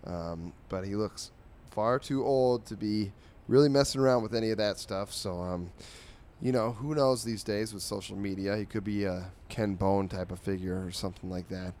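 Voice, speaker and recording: A man hosting a comics podcast, recapping strips in a sarcastic, weary way with lots of ums and low enthusiasm. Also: normal speed, darkish tone.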